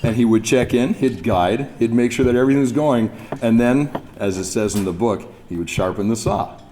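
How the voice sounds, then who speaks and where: A man's voice: medium pitch, normal speed, dark tone. Guy telling funny stories at a memorial, mic speech, noticeable hiss behind. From New Brunswick, Canada. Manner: storytelling, chuckling, imitates others. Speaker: speaker at a memorial event. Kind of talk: anecdotal speech at a podium. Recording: mic speech with background noise.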